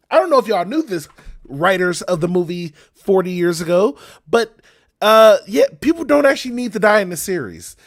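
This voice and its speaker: Lively high-voiced young man reacting. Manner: exasperated, swears often, talks straight to viewers. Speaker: movie reaction host. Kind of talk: casual reaction commentary.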